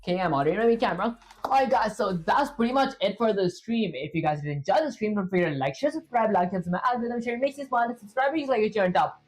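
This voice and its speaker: A woman's voice: mid-range voice, expressive, fast talker, low-quality recording. A woman live streaming about programming, chatting casually and rambling with lots of fillers, tired and a bit out of breath. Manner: rambling, many "like" fillers and restarts.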